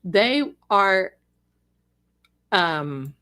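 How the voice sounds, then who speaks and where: A woman's voice: mid-range voice, expressive, very slow, bright, forceful tone, smooth. A middle-aged woman who grew up in Germany, chatting casually and rambling as she answers viewers during a livestream. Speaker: livestream host.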